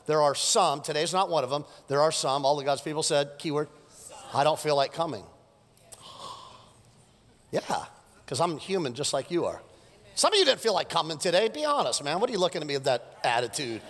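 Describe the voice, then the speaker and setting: A middle-aged male pastor preaching live, his slightly high voice ringing through a hall with a long reverb. He is animated and teases the congregation as he goes. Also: fairly quick, long pauses. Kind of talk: sermon. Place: church sanctuary.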